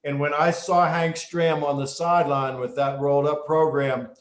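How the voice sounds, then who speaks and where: A middle-aged man, a former referee, telling stories in an interview in an animated way, with many restarts. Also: on the high side, moderate pace. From United States. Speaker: guest, former football referee and basketball official. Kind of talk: storytelling interview. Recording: echoey room.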